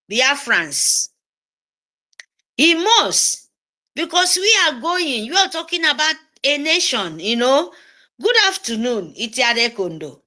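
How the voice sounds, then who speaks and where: A woman's voice: on the high side, bright, forceful tone. A woman with a Nigerian English accent mixed with Pidgin, giving a fervent, scolding political monologue and repeating phrases for emphasis.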